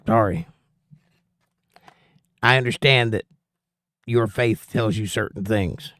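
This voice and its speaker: A man's voice: on the low side, slow pace, a bit bright, dry recording, studio quality. A man with a Southern US accent hosting a livestream, reading viewers' chat messages and giving opinionated, preachy asides in a casual tone.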